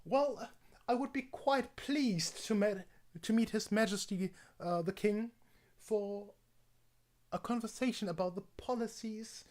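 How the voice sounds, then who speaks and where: A pompous, overly formal English gentleman with a plummy, exaggerated posh accent, as a man puts him on. He speaks slowly and stiffly, a little higher than the performer's normal voice.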